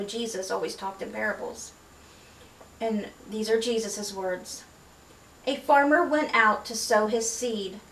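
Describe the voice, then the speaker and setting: A woman with a fairly high voice reads scripture aloud at a measured pace and breaks off for casual, friendly asides. She sounds set back from the mic in an echoey room. A faint hiss sits under the recording. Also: distant mic. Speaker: Bible reader. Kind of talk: Bible reading aloud.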